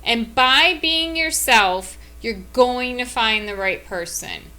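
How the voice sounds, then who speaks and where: High, bright-voiced female podcast co-host. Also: lively intonation, takes it slowly. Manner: earnest, giving advice to listeners. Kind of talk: casual chat.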